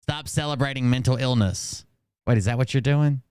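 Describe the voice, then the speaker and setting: A man talking through clips on a live stream, sarcastic and rambling, with frequent uh and um. His voice is smooth and resonant, recorded close and dry with no room sound. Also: mid-range voice, normal speed, a little mellow, no echo. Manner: reads quotes aloud, sarcastic asides, frequent fillers. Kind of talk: casual commentary.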